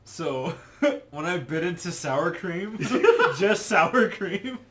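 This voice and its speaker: Laughing animated podcast storyteller, man. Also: sits high, drawn-out words. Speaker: podcast co-host. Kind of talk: casual podcast chat.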